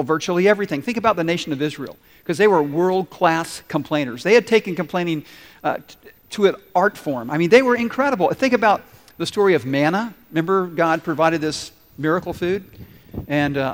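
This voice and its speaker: A male pastor preaching a sermon to his congregation in an animated, playful way, acting out little asides. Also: a little high, brisk. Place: large church hall. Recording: reverberant church hall. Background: congregation responding.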